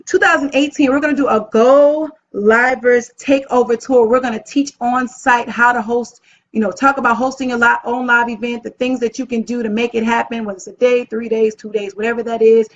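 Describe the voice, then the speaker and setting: A woman hosting a casual live video as an event planner, upbeat and chatty, often gushing about how excited she is. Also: a little high, brisk. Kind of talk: casual live-stream talk. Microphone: phone or webcam live stream. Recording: dull lo-fi live-stream audio.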